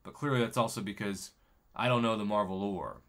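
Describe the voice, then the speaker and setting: A man's voice: on the low side, fairly quick. A man streaming a mobile game, chatting casually, laughing and reading viewers' comments aloud. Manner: excitable, laughing, reads chat aloud. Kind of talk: casual live-stream gaming chat.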